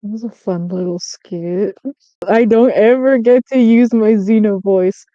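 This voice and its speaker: A woman chats on a podcast in a playful, teasing way. Her voice is mellow and soft-edged, recorded dry with slightly dull, lo-fi audio. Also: mid-range voice, a little slow, dry recording. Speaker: podcast guest. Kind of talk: casual chat.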